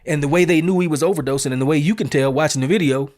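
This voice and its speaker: A man delivering opinion commentary as a show host, with a voice that sits a little high for a man. He talks bluntly and emphatically, leaning on casual street phrasing. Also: rapid-fire, a little mellow.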